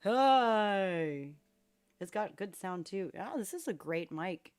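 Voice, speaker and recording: A woman's voice: on the low side, very animated, normal speed, a little mellow. A woman hosting a live piano request stream, chatting playfully with her viewers from a room at home and laughing at herself. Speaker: livestream piano host. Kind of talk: casual chat with livestream viewers. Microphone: studio microphone at varying distance.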